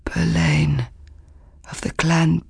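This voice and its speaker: A spent, gasping messenger of the coast, his words dull and rasping as if they hurt his throat, voiced by a woman reading aloud. The delivery is slow and breathy, close and dry. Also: a bass voice, very animated, darkish tone, dry recording, pitched below the performer's own voice, full character voice. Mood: gasping urgent. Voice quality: rasping whisper. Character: exhausted male sea-man messenger, rasping.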